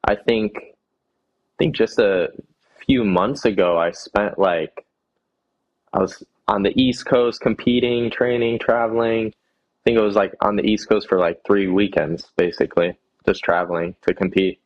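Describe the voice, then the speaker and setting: Casting note: young man, guest athlete, low voice, halting and easygoing, lo-fi remote audio. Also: fairly even intonation. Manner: hesitant, repeats words, laid-back. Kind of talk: casual interview answers.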